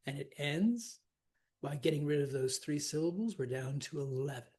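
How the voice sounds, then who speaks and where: A man teaching a lesson on verse scansion, talking casually, often checking in with "right?" and reading lines aloud slowly. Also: fairly high pitch, lively intonation, a little mellow, husky.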